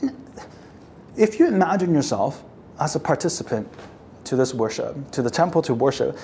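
A woman's voice: very deep voice, very animated, moderate pace, warm tone, slight background noise. A woman preaching a sermon, telling the scene as a story and acting out how the crowd reacts, often repeating and restarting words as she builds. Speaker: pastor.

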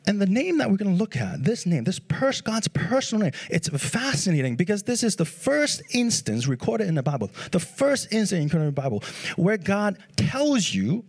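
A man preaching a sermon in an animated way, full of rhetorical questions. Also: high voice, normal speed, gravelly, husky.

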